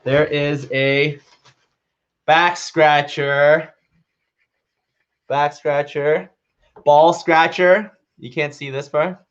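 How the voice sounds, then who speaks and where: A man's voice: fairly high pitch, flat delivery, extremely slow, pauses often, clean tone. Young guy vlogging, chatty and jokey, kinda muffled lo-fi audio. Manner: chatty and playful, then reads his own poem aloud. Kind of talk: casual vlog chat. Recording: slightly dull lo-fi sound.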